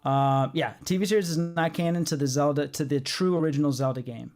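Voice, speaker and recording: A man hosting a comics podcast who lays out his views firmly. His voice sits a little high for a man. He fills his pauses with ums and uhs as he goes. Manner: assertive, explains at length with fillers. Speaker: podcast host. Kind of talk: casual chat.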